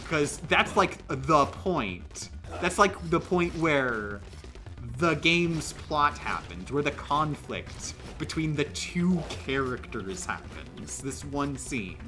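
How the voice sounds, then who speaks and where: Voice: medium pitch, big pitch swings, slow, music in the background. A livestreamer chatting casually during a game stream, rambling with lots of fillers and emphatic restarts.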